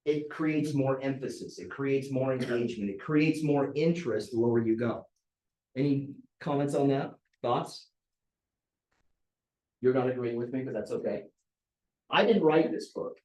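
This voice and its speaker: A man runs a training talk at a team meeting, chatty and anecdotal, sometimes lifting or dropping his voice to show inflection. His voice sits at an ordinary pitch for a man. The room echoes around him. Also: moderate pace, darkish tone. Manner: conversational storyteller who demonstrates vocal inflection. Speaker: real estate team trainer. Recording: roomy echo.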